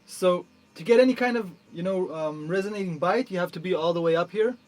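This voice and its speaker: A man with a fairly high voice delivers a rambling review of a piece of gear. His speech is loose and full of fillers, and he shifts from low mutters to exasperated, swearing outbursts. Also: brisk, darkish tone. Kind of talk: ranting product review.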